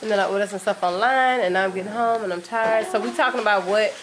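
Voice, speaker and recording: A woman's voice: mid-range voice, quick pace, noisy background. A woman with a Texan accent, chatting at home in a playful, teasing vlog style and laughing often. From Texas. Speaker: vlogger. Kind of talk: casual family chat.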